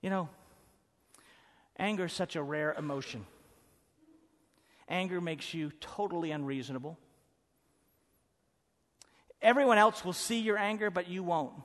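A man preaching a sermon as pastor, emphatic and swinging from loud to hushed. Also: sits high, unhurried, long pauses. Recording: preaching in a hall with long reverb.

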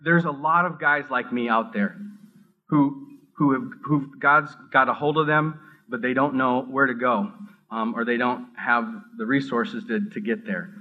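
A middle-aged man gives a heartfelt personal testimony in an earnest, halting way, stumbling over words and circling back as he speaks. His voice sits at an ordinary pitch, and the recording sounds a little dull and muffled. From Minneapolis area. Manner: earnest, halting, with many restarts and rising excitement. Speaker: seminary student giving testimony.

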